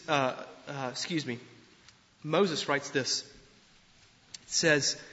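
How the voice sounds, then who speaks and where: Male pastor, sermon delivery, lively and conversational, slightly raised pitch, long hall reverb, dull sound. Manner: animated, conversational preaching with repeated restarts.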